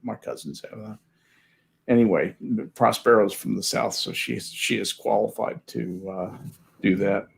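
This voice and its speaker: A male podcast host in a casual group chat, talking haltingly with restarts and wry jokes. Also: lowish voice, fairly even intonation, vocal fry, husky.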